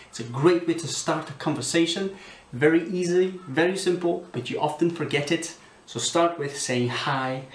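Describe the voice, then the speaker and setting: A man with a Scottish accent, an online English teacher who speaks slowly and clearly and repeats example phrases for learners. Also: medium pitch, roomy sound, slight background noise. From Scotland.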